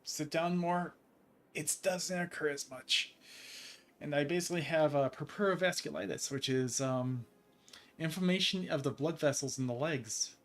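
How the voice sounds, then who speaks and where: A man's voice: on the high side, moderate pace, a bit bright. A man streaming a game and chatting casually, rambling with frequent laughs between phrases. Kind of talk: casual gameplay chat.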